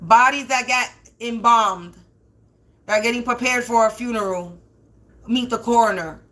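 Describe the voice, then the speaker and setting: On the high side and pushed bright, her voice moves at a moderate pace as she hosts a livestreamed spiritual reading. The tarot-style session is an indignant, profane rant with plenty of swearing, stutters and restarts.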